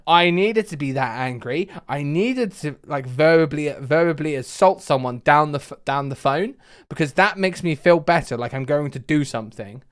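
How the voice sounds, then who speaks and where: A young man rants with exasperation and mock deadpan about his customer service job in a comedic storytime vlog. His voice is smooth and fairly high, at a normal speed.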